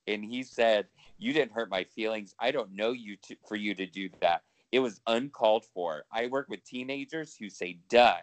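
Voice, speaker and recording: A man's voice: medium pitch, normal speed, no echo. A man co-hosting a podcast in casual chat, talking freely with lots of swearing and laughter. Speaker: podcast co-host.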